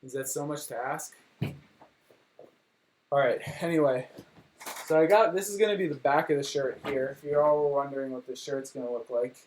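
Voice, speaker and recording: A man's voice: medium pitch, moderate pace, pauses often, a little mellow, slight background noise. A young man chatting casually on a livestream from home, rambling and joking at his own expense. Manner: rambling, joking, self-deprecating. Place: home room.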